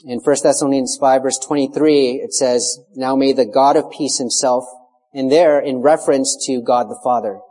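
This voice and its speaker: A man preaching an expository sermon, measured and emphatic, stressing key words as he works through scripture. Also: medium pitch, steady tone, mellow. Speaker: pastor. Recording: long hall reverb.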